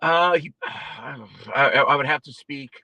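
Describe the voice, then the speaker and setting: A young man being interviewed as a boxer, trash-talking with boastful, mocking swings in pitch. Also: moderate pace, pushed and bright, no echo. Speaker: guest boxer. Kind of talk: casual trash talk interview.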